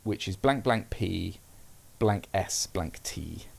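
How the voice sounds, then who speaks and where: A man, chatting casually while solving a crossword, reading the clues out slowly and chuckling along. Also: low-pitched, expressive, gravelly, darkish tone. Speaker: podcast co-host.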